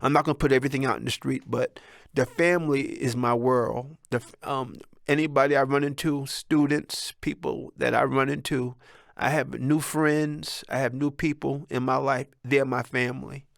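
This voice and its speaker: A man's voice: mid-range voice, steady tone, normal speed, vocal fry, no echo, clean studio sound. A man in his sixties in a candid personal monologue, talking in a blunt, rambling and reflective way. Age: 60s. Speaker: vlogger.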